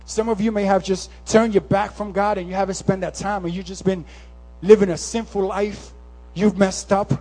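A man preaching a sermon, swinging from impassioned, near-shouted calls to hushed, conversational storytelling. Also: high-pitched, flat delivery, moderate pace. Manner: impassioned, rising to near-shouts, then softening to a hush; casual, conversational storytelling with slang.

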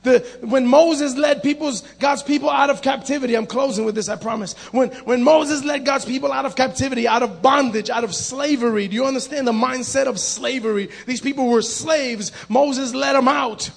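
A male preacher delivering a lively sermon with a strikingly high voice. His tone is husky and gravelly, with a little rasp. He acts out the voices in his stories and keeps calling out to his listeners. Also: moderate pace, few pauses. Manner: animated, acts out voices, calls to the congregation.

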